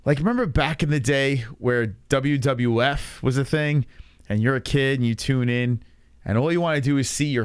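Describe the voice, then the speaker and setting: A man's voice: medium pitch, smooth, no room sound, studio quality. A man in his thirties hosting a casual reaction stream, rambling with profane sarcasm. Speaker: podcast host.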